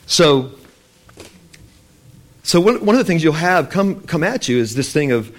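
A man preaches loosely and conversationally, with restarts and fillers, acting out the voices of Bible figures as he tells their stories. His voice sits on the high side, unhurried, with big pitch swings.

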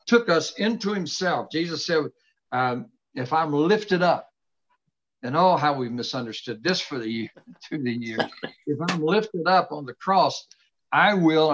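A middle-aged man hosting a casual faith conversation, earnestly expounding scripture with slow, emphatic stresses from his home study. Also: on the high side, a bit bright. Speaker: host. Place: home study with books behind him. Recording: dull lo-fi sound.

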